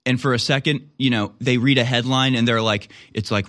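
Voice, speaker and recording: A man's voice: mid-range voice, fairly even intonation, fairly quick, few pauses, a bit bright. A man hosting a political commentary show, talking in a sarcastic, incredulous way with frequent laughs.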